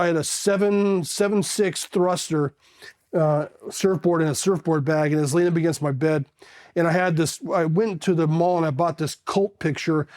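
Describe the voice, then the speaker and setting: Blunt high-voiced man telling war stories. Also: darkish tone. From California, USA. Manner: blunt, rambling, swears casually. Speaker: Marine veteran. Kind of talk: candid storytelling.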